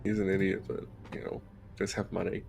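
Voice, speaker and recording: A man's voice: low voice, level tone, brisk, creaky, darkish tone, slight background noise. A man playing a tabletop game, bantering in a profane, jokey way and laughing often. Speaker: player.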